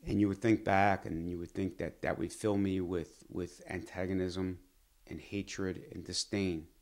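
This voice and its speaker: Earnest deep-voiced man telling his story. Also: flat delivery, a little mellow. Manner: earnest, measured, reflective. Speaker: physician and pharma executive. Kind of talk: personal storytelling to camera.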